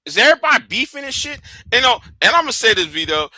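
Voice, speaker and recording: A man's voice: extremely high pitch, very animated, fast, sharp tone, no echo, poor audio. A man hosting a casual livestream, talking in a stop-start way and repeating words and catchphrases. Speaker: livestream host.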